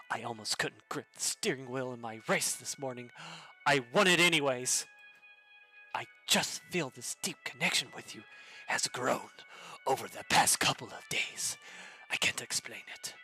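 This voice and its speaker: A man voicing a cheesy, smooth-talking man writing dating-site messages, read in a soft, hammy romantic tone. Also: medium pitch, lively intonation, brisk, soft background music.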